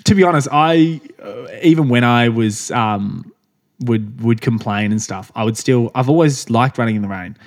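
A man's voice: medium pitch, normal speed. A young man from Australia co-hosting a podcast in casual chat, rambling with frequent restarts and laughs. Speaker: podcast co-host.

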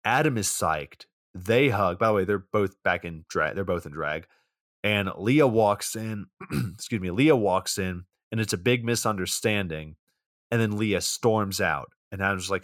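A young man with a low-pitched voice recaps a film's plot in a loose podcast chat. He rambles through it with plenty of fillers and little polish. The sound is dry and close, with no room echo. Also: animated, unhurried, a bit bright. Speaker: podcast co-host. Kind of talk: casual movie recap.

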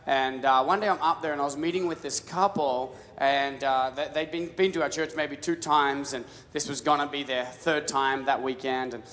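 Stammering pastor in a big hall. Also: male voice, mid-range voice, steady tone, moderate pace, few pauses, a bit bright. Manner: casual storytelling with many restarts and stammered repeats. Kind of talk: sermon. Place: large church hall. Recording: live sermon with long hall reverb.

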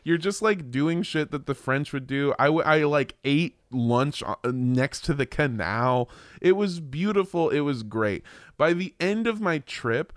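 A man chatting casually on a podcast, telling stories in an animated, profane way, with mocking voices for the people in them. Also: on the high side, measured pace, no room sound, studio quality. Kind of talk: casual chat, storytelling.

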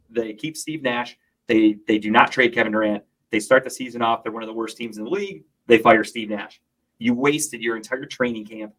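A man's voice: medium pitch, fairly bright tone, rough recording. A man hosting a casual sports talk podcast, opinionated and swearing freely.

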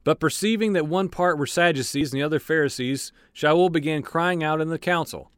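Reading verses aloud and commenting on them casually, this man runs an informal Bible study full of asides and filler words. His slightly high voice is clear and resonant, fairly quick, and animated, with many restarts. The studio-clean audio has no echo.

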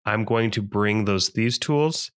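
A man's voice: lowish voice, slow, a bit bright. A man playing in a tabletop game, hesitant, thinking aloud as he plans. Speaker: player. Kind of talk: casual tabletop play.

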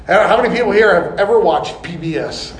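High-voiced folksy preacher man. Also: brisk, slight background noise. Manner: animated, folksy, laughs often. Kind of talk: sermon. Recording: echoey room.

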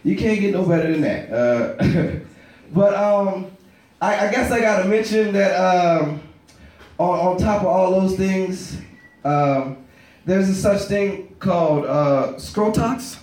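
A man in his thirties working through a profane stand-up set, rambling between bits and shouting the punchlines. His voice sits very high for a man. He is heard from a distance in a strongly echoing room. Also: slow. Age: 30s. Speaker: stand-up comedian.

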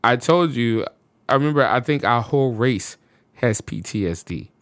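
This podcast guest, a man from the U.S., tells a story from his own life with casual energy, sprinkling in phrases such as "you know what I'm saying." He speaks at a normal speed in a mid-range voice, and the recording is dry.

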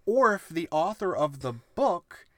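A man's voice: high-pitched, big pitch swings, a little slow, a bit bright, no echo, studio quality. Playful man in casual podcast chat. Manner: playful, enthusiastic, jokey asides. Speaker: podcast co-host.

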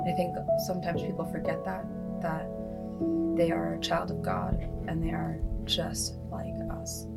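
A woman's voice: fairly low pitch, vocal fry. A woman, an outreach van worker, speaking heartfelt and reflective in a documentary interview.

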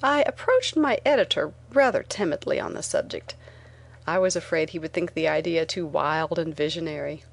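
Low-voiced woman reading an audiobook. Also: normal speed. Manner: clear storytelling, first person. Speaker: narrator.

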